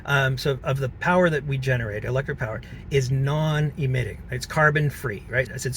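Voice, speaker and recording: A man vlogging from a car, talking in an earnest, halting way with many fillers. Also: mid-range voice, slight background noise. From Canada. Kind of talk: reflective personal vlog.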